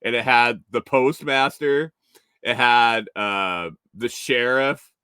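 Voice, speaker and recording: A man's voice: mid-range voice, slow pace, bright, forceful tone, smooth, no echo, studio quality. A man hosting a casual morning show, telling a story with frequent chuckles and cursing, and reading out viewer comments. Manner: chuckles through his story, swears freely, reads viewer comments. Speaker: show host.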